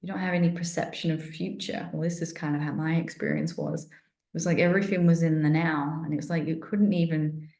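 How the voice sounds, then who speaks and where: A middle-aged woman chats through a personal account in a low, relaxed voice. She rambles and restarts, and her mouth sounds dry. The room is echoey around her. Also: a little fast, vocal fry. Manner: chatty, rambling, many fillers and restarts. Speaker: wellness vlogger.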